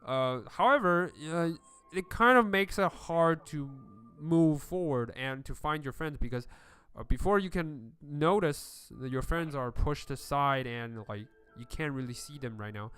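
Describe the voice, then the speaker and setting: A man running a tabletop game, talking slowly and haltingly, full of "uh" and "like". His voice is clear and smooth, sitting a little high, with faint music playing behind him. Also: expressive, fairly bright tone. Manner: hesitant, many fillers. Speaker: game master.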